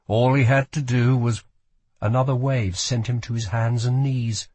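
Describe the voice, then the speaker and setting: A man narrating a fantasy audiobook with slow, expressive storytelling. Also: medium pitch, breathy edge, no echo. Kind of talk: scripted narration.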